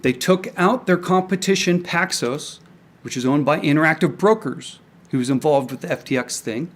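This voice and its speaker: A man's voice: fairly high pitch, moderate pace. A young man angrily ranting to camera about markets, swearing often and stumbling over restarts. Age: young adult. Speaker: independent crypto commentator. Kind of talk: angry solo rant to camera. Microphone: camera mic.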